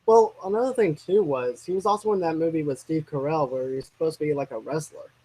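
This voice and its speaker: A man with a slightly raised pitch chatting casually about films as a co-host. He rambles, stumbles over words and circles back on his points. The delivery is relaxed and conversational. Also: fast talker, breathy edge, poor audio. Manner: rambling, restarts and trails off mid-thought. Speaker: co-host of a movie discussion channel. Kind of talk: casual movie chat.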